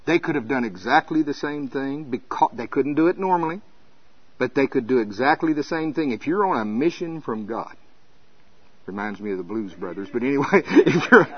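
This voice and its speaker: A male preacher, preaching an animated sermon and laughing often. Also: mid-range voice, normal speed, husky, no echo, lo-fi sound.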